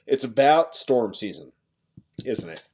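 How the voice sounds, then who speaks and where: A man's voice: mid-range voice, big pitch swings, a little slow, a little mellow, husky. Joking, chatty male livestream host. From Nebraska. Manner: joking, chatty, reads chat aloud. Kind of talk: casual livestream chat.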